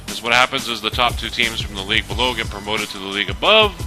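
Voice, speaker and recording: A man's voice: lowish voice, expressive, quick pace, over music. A man casually talking over his football game footage, rambling with lots of fillers and restarts. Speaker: gaming video host. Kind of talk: casual gameplay commentary.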